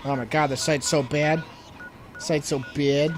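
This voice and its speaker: A man's voice: on the high side, fairly quick, over music. A young man co-hosting a let's play, joking sarcastically and rambling while he has the hiccups. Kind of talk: casual gameplay banter.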